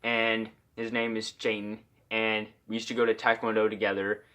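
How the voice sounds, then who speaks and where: A man's voice: lowish voice, completely flat delivery, normal speed, bright, forceful tone. A young man from Iowa telling a casual story-time tale, rambling with lots of "like" fillers.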